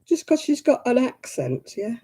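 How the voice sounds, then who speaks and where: A woman's voice: fairly high pitch, sing-song, normal speed, mellow, slightly rough. A woman hosting a casual livestream chat, talking to viewers by name and laughing often. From England. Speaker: livestream host.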